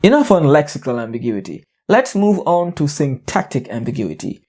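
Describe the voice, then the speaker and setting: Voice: mid-range voice, sing-song, normal speed, a little mellow, breathy edge, soft background music. An English teacher giving an educational narration, explaining playfully with jokes and wordplay.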